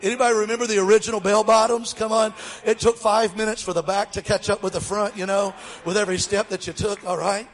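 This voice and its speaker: Man, middle-aged, high voice, playful guest preacher, long hall reverb. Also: fast. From Mobile, Alabama, US. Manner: lively, jokes with the audience. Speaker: guest speaker. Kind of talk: humorous sermon storytelling.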